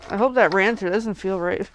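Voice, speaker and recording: A woman crafter chatting casually while making cards, gushing with excitement and slipping into whispers over cute things. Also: mid-range voice, slight background noise. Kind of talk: casual crafting livestream chat.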